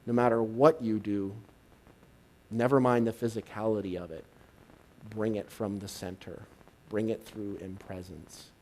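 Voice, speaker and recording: A male minister giving a live sermon, swinging from hushed and intimate to loud and excited. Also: on the low side, a little hiss or hum. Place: church service, live.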